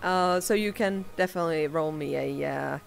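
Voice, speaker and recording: A woman running a tabletop game as game master, talking in a halting way with many fillers and frequent laughter. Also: deep voice, creaky, soft background music.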